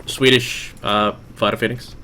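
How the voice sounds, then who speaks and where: A man's voice: steady tone, takes it slowly, pushed and bright, slight background noise. A Finnish man with a Finnish accent, chatting casually while streaming a game. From Finland. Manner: musing, low-key chat while playing. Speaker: let's play streamer. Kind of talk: casual gameplay commentary.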